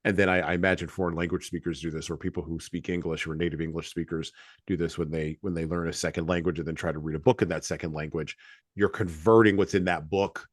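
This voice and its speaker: A man with a flat Midwestern accent hosts a podcast conversation. His voice sits very low and deep, and he talks in a measured, deliberate way. The sound is dry, with no room echo. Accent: flat Midwestern American. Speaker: podcast host.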